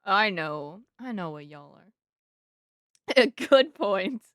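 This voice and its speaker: Giggly, animated young woman streamer. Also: medium pitch, slow, no room sound. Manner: giggly, filler-heavy chatter. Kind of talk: casual game commentary.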